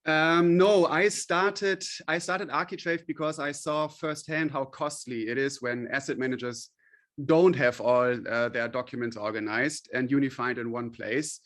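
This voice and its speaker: A man's voice: medium pitch, fairly even intonation, measured pace, a bit bright. A man being interviewed as a company CEO, explaining at length with many fillers and restarts. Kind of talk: podcast interview.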